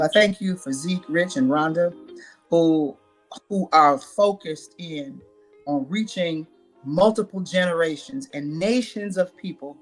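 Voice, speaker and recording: A woman guest on a live-stream talk show, speaking earnestly and leading a prayer like a minister. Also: deep voice. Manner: earnest, preacherly.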